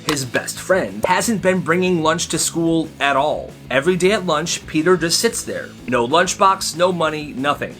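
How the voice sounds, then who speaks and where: A man's voice: fairly high pitch, a bit bright. A man narrating stories in a casual, chatty way with lots of asides.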